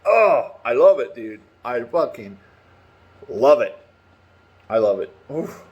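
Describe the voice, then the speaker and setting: A husky man at a middle pitch rambles through a casual opinion chat, swearing freely and getting worked up. His talk is loose and full of restarts. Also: slow, lo-fi sound. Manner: excitable, profane, rambling. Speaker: gaming vlogger.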